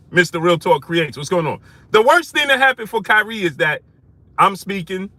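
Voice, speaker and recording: Hosting a live stream, a man with a voice that sits high speaks fairly quickly, recorded with no room sound. He calls out viewers by name and hammers phrases through repetition as his anger builds to outrage.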